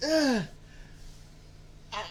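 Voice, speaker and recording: Animated, swearing podcast co-host. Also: drawn-out words, a little hiss or hum. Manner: animated storyteller, acts out quotes; casual, swears freely. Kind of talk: casual movie-review chat.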